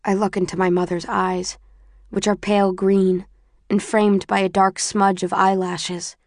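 A woman narrating a novel in the first person, with steady, even storytelling. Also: mid-range voice, measured pace, no room sound, studio quality. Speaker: audiobook narrator.

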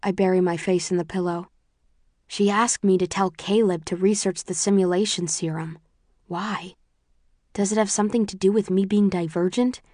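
A woman narrating a first-person audiobook in a measured, subdued way. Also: medium pitch, steady tone, darkish tone, dry recording, studio quality.

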